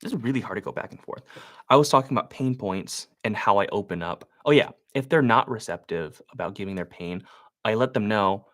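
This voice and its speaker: A man's voice: lowish voice, lively intonation, brisk, fairly bright tone. A man who invests in real estate, coaching on a live stream while making cold calls, talking loosely with plenty of filler words. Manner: loose and conversational, many "like" fillers.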